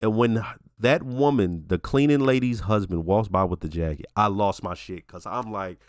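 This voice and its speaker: A man's voice: on the low side, moderate pace, hardly any pauses, no echo, studio quality. A man hosting a casual reaction and review, swearing freely and retelling scenes with exclamations. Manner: profane, animated storytelling with exclamations. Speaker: reaction video host.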